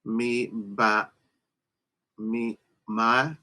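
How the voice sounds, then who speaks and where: Hesitant slow-talking male student. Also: lowish voice, level tone, pushed and bright. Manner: hesitant, careful repetition. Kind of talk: practicing pronunciation in a lesson.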